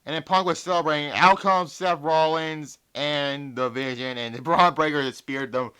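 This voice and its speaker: Young male vlogger, exasperated and profane, slightly higher voice. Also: steady tone, moderate pace, bright, forceful tone, smooth. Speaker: wrestling show reviewer. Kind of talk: casual video review.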